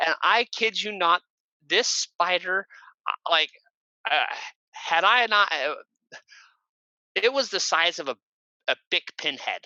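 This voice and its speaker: Speaking slowly and expressively with long pauses, this podcast guest from Oregon tells loose, rambling stories packed with fillers and false starts. He sometimes erupts into shrill shouted impressions. The sound is lo-fi, with no room ambience.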